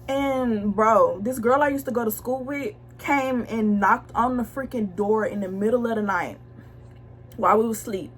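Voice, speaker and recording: A young woman blunt, slangy and animated as she tells viewers a personal story in a casual storytime vlog. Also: fairly high pitch, moderate pace. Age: young adult. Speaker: vlogger telling a story.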